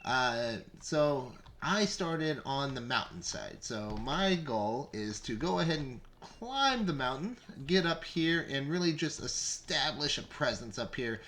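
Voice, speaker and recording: A man's voice: mid-range voice, lively intonation, a little slow, few pauses, fairly bright tone. A young man giving casual, rambling commentary on a strategy game match, with frequent fillers and self-corrections. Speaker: gameplay commentator.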